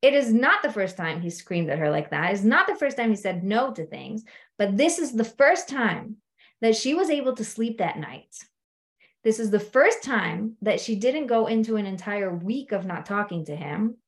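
A woman coach telling stories from her clients in an animated, conversational way, often checking in with her listeners. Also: mid-range voice, moderate pace. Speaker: life coach. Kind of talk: storytelling coaching talk.

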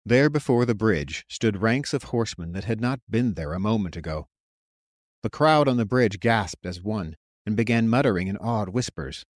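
A man narrating a fantasy novel as an audiobook, in a measured storytelling manner on a close mic. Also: lowish voice, a little mellow, no room sound.

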